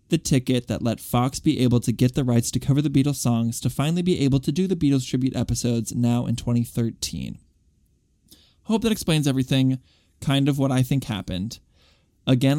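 A man's voice: medium pitch, fairly quick, dry recording, clean studio sound. A man co-hosting a casual pop-culture podcast. He talks in a jokey, dramatic way and reads out a listener's letter. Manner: animated, jokey, dramatic asides. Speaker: podcast co-host.

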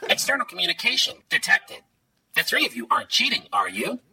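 A man's voice: high-pitched, huge pitch swings, brisk, creaky, pushed and bright, breathy edge, recorded from a distance, voice pushed up, heavily acted. A man voicing a smug, taunting male quiz-master robot in a tabletop game.

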